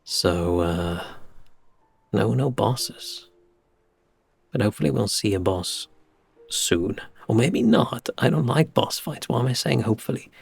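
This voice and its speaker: A man chatting casually on a game stream, rambling and sighing with self-deprecating remarks, his soft speech slightly mumbled, into a desk microphone at his home setup. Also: on the low side, lively intonation, measured pace, creaky, long pauses, slightly rough. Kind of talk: casual live-stream chat before gameplay. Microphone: desk microphone with compressor and equalizer.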